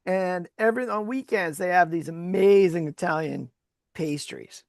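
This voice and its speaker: Woman co-host, gravelly low-ish voice, lively storyteller, dry close sound. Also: moderate pace, no echo. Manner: lively storyteller who laughs often. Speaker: podcast co-host and former sports agent. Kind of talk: casual sports chat.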